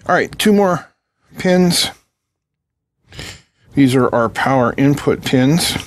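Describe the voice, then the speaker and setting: A man's voice: medium pitch, animated, slow. A middle-aged man hosting a casual electronics tutorial at his home workbench, joking and chatting with viewers while he solders and tests a board. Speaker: electronics channel host.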